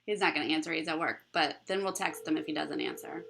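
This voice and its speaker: A woman's voice: low-pitched, fast talker, vocal fry, hardly any pauses, a bit bright. A young woman hosting a casual live chat with her viewers, bubbly and rambling, laughing often. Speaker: livestream host.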